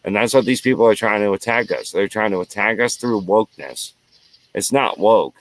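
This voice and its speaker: This American show host speaks at a moderate pace in a fairly low-pitched voice, recorded with no room sound. Alone on the mic, he delivers a profane, heated rant that keeps repeating itself.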